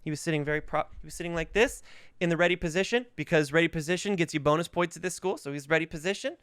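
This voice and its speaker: Sick with covid and coughing, this man in his thirties hosts a podcast of casual, profane comedic storytelling. His clean-toned voice sits on the high side and comes out rapid-fire, in studio quality with no room sound. He's animated and puts on voices for quotes.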